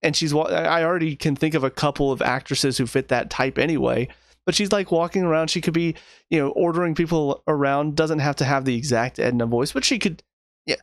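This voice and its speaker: A man's voice: a little high, a little fast, dry recording, clean studio sound. A man giving a casual spoken review of a TV show in a sarcastic, rambling way, often restarting his sentences.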